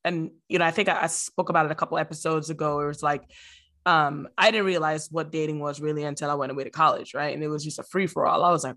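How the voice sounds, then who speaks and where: A woman's voice: low-pitched, fairly even intonation, fairly quick, fairly bright tone. A woman from the Virgin Islands co-hosting a casual podcast, telling stories playfully. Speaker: podcast co-host.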